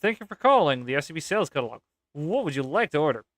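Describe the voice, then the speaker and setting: A man's voice: a little high, quick pace, dry recording. A man putting on a bored young sales operator woman. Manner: flat bored monotone, curt.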